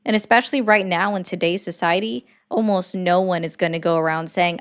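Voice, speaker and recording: A woman's voice: fairly low pitch, steady tone, fairly quick, few pauses. A woman commentator arguing politics, pressing her points with persistent, repeated questions. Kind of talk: heated political debate.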